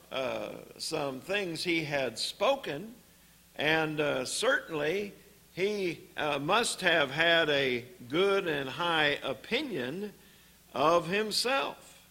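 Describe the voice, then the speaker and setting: A man preaching a sermon in a church, teaching on scripture in a deliberate way with pauses and "uh" fillers. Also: a little high, bright, forceful tone, husky.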